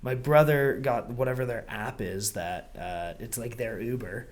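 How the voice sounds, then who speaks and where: A man co-hosting a casual comedy podcast, lively and laughing as he tells a travel story, swearing now and then. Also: mid-range voice, a little slow. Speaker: podcast co-host.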